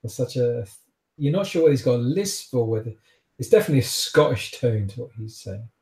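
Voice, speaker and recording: A man's voice: mid-range voice, animated, darkish tone, roomy sound. A rambling man narrating as game master. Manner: rambling, halting, full of restarts.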